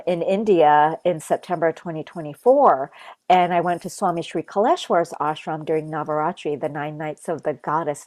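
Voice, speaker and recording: A woman's voice: sits low, a little mellow, no echo. A woman from Japan, a guest in a casual spiritual conversation, talking earnestly and loosely with many fillers. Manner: earnest, loose, full of "like" and "you know". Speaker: interview guest.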